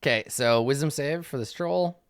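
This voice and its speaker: A man's voice: mid-range voice, moderate pace, clean tone. A man narrating as game master in a tabletop game, describing the combat loosely with many fillers and restarts.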